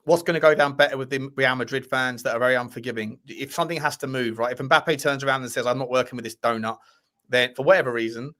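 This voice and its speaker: A man's voice: medium pitch, steady tone, quick pace, fairly bright tone. A man co-hosting a casual football news chat, jokey and full of restarts and fillers. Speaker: co-host of a football news show.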